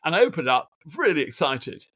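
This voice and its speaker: A man's voice: fairly high pitch, brisk, breathy edge, no echo. A middle-aged man, a guest biographer, telling stories in a remote interview from his home office desk, with lots of fillers and acted-out quotes. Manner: animated anecdotes with acted quotes, many fillers. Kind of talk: conversational interview storytelling.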